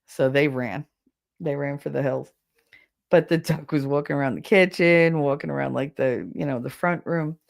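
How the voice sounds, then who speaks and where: A woman with a low, gravelly voice talks casually on a livestream. She greets viewers in her chat and tells stories in a lively way, laughing often. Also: normal speed. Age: adult with children. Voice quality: low deep voice. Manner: chatty, animated storytelling, laughs often. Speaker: livestream podcast host.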